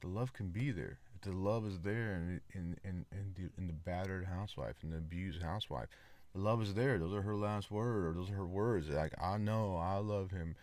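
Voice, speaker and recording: A man's voice: low voice, brisk, a little mellow, no echo. A man hosting his own podcast, talking in a casual, rambling solo monologue with many fillers and repeats. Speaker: podcast host.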